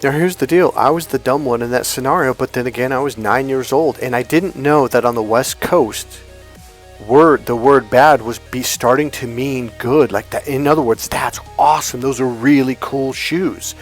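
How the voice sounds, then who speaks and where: A man's voice: mid-range voice, normal speed, faint music behind. A man giving a blunt, profane coaching talk on dating and relationships, telling stories and acting out the voices in them. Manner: blunt, profane, storytelling with acted-out quotes. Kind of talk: motivational coaching monologue.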